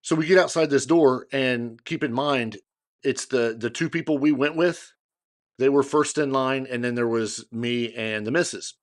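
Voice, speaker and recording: A middle-aged man with a voice of ordinary pitch, chatting as a podcast co-host. He tells his story in a loose, animated way, jumping into other people's lines as he goes. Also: moderate pace. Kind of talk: casual storytelling chat.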